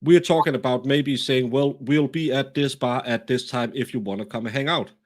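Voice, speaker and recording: A man with a Danish accent, talking through a case in a casual, animated, self-deprecating way, often restarting his sentences. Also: mid-range voice, normal speed. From Denmark. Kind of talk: casual true-crime discussion.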